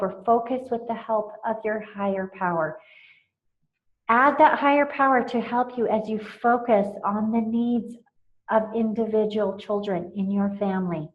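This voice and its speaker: Earnest high-voiced mom giving parenting tips. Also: female voice, measured pace. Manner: earnest and emotional, with frequent laughs and restarts. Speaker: parenting mentor. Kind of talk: informal talk on parenting tips. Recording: muffled lo-fi recording.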